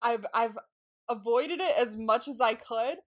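A woman co-hosting a podcast in casual chat, excitable, laughing often and swearing casually. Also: fairly high pitch, measured pace. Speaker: podcast co-host.

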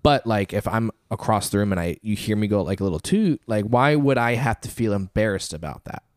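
A man's voice: fairly low pitch, fairly quick, no room sound, clean studio sound. A man co-hosting a casual chat, rambling through his points with lots of fillers and laughing at his own jokes. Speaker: podcast co-host.

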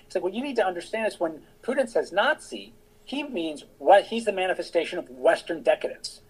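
Man, middle-aged, husky, a bit high-pitched, casual interview guest, thinks aloud as he explains. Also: sing-song, brisk, low-quality recording. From United States. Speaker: guest, author and veteran.

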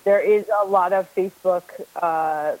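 A woman guest in casual podcast chat, talking freely with lots of "like" and quick laughs. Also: on the low side, steady tone, darkish tone, no room sound, poor audio. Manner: chatty, laughs easily, lots of "like". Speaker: podcast guest, co-host of a reselling podcast.

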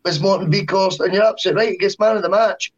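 Guy co-hosting a football podcast, higher voice, chill and agreeable, breaks things down. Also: fairly even intonation, very fast, muffled recording. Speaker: podcast co-host. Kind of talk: casual chat.

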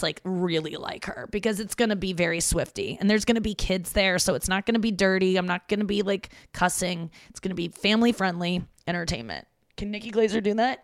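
A woman's voice: fairly low pitch, creaky, dry recording, clean studio sound. A woman stand-up comic hosting her own podcast, talking casually at home in a rambling, self-mocking way with frequent swearing. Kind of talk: casual solo podcast monologue. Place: room in her parents' home.

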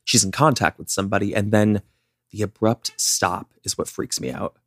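A man's voice: on the low side, moderate pace, a bit bright, no room sound, clean studio sound. A young man co-hosting a podcast, casually telling a true-crime story with lots of "like" fillers. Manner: chatty, many "like" fillers. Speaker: podcast co-host.

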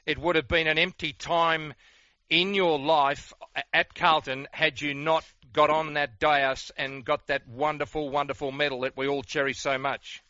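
An Australian man hosts a radio interview and leads his guest with reminiscing questions. His voice is bright and forceful, a little high. The sound is dry and lo-fi. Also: flat delivery, normal speed, no echo. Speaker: radio host.

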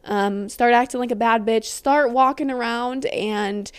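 A woman's voice: on the high side, fairly even intonation, unhurried, clean tone. A young woman in her twenties hosting a podcast, chatting casually in a rambling, giggly way with lots of filler words and casual swearing. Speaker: podcast host. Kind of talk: casual chat.

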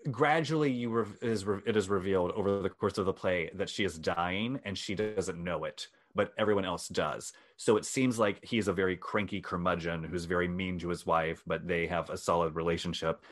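A man's voice: low voice, moderate pace, hardly any pauses. A man casually telling a gossipy old-Hollywood story to a co-host, wry and dry. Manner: wry storyteller, mock posh voices for quoted people.

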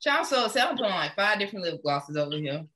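A woman co-hosting a casual chat show, animated and blunt, swearing and laughing often. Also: medium pitch, fast, slight background noise. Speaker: podcast co-host.

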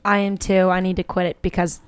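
A woman's voice: on the low side, flat delivery, fairly quick, clean tone, no echo. Slangy young woman co-host, dry close sound. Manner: slangy storyteller who laughs often. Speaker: podcast co-host. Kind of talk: casual chat.

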